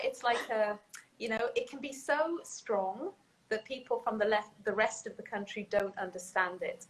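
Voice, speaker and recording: A woman's voice: mid-range voice, normal speed, low-quality recording. A woman from Newcastle, England, talking in a casual interview over a video call, chatty and laughing often, with many fillers. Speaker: writer interviewed as guest.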